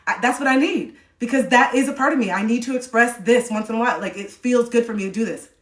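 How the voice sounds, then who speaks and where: A woman's voice: a little high, quick pace. A woman hosting a live stream, giving motivational talk in a candid, emphatic way and swearing freely. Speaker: livestream host. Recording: echoey room.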